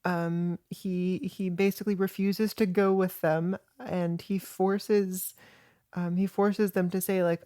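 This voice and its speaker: A woman co-hosting a podcast, recapping scenes in a wry, expressive, casual way. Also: mid-range voice, unhurried, smooth. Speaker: podcast co-host.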